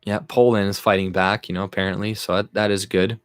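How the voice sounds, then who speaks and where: A man's voice: on the low side, flat delivery, fast talker, clean tone, no room sound, studio quality. A man hosting a casual livestream rant, talking bluntly, swearing and laughing often. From Canada. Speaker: livestream host.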